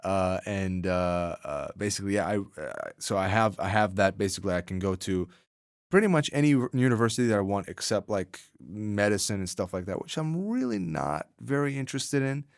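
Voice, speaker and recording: An eighteen-year-old man with a deep, low voice and a North American accent, though Arabic is his first language. He talks in a casual, rambling way, full of fillers and restarts. The sound is dry and close. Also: expressive, brisk, smooth, dry recording. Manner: rambling, many fillers and restarts, laughs often. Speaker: podcast host. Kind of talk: casual interview chat.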